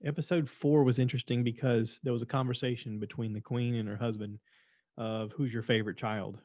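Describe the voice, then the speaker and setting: Male podcast host, casual rambling monologue, mid-pitched, dry close sound. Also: steady tone, fairly quick, a little mellow, no room sound. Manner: rambling, repeats himself, chatty and opinionated. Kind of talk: casual monologue reviewing shows.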